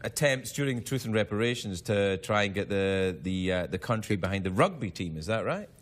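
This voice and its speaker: Excitable rambling talk show host. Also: male voice, lowish voice, fairly quick. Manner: rambling, jokey, self-interrupting. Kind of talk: late-night talk show chat.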